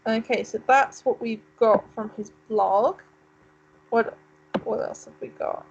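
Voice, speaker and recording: A woman's voice: fairly high pitch, fairly even intonation, slow, vocal fry, a little mellow, muffled recording, slight background noise. Chatty woman playing a video game. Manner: chatty, muses aloud while reading game text. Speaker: let's play co-host. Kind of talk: casual gaming commentary.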